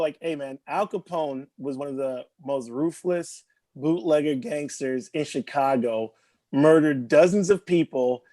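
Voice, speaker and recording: A man's voice: on the high side, warm tone, no room sound. A man co-hosting a casual podcast, rambling with restarts and the occasional chuckle. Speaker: podcast co-host.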